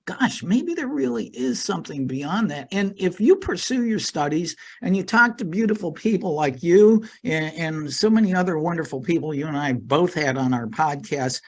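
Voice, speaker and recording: A middle-aged man guesting on a podcast, talking earnestly with many fillers and repeated words. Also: fairly high pitch. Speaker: podcast guest, life coach. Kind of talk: casual interview talk.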